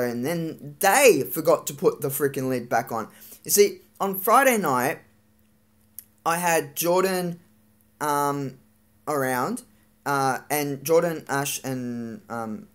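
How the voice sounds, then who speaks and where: A woman in her thirties venting angrily in a sweary, rambling monologue, acting out arguments with her family. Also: sits low. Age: 30s. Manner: angry, sweary ranting with quoted arguments.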